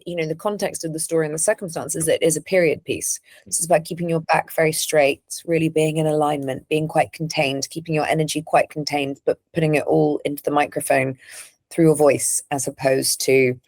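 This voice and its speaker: Woman, voice actor guest, candid, animated, low voice, dry sound. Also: dry recording. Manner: candid and animated, laughs often. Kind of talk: casual interview chat.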